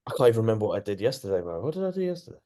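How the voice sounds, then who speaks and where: A young man co-hosting a podcast, relaxed and casual, often answering briefly and saying bro. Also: lowish voice, rapid-fire. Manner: relaxed, short agreeing replies, says bro. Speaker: podcast co-host. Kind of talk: casual chat.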